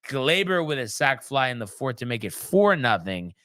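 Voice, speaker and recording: Bright, crisp male sports host. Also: mid-range voice, sing-song, moderate pace, no room sound. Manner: loose and chatty, many ums and restarts. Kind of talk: casual sports recap chat.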